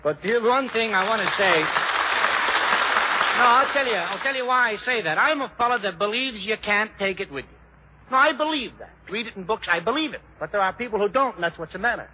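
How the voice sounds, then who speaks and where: A man from Ohio doing a stand-up routine, with punchy, excitable joke delivery and frequent restarts. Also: high voice, brisk, lo-fi sound, some chatter behind, slight background noise. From Ohio, USA. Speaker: stand-up comedian.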